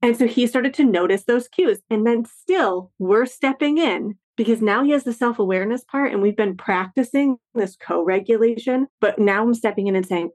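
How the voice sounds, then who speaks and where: A woman's voice: on the high side, normal speed, hardly any pauses, a little mellow. A woman, a parenting educator and author, explaining ideas earnestly in a conversational interview and acting out example quotes as she goes.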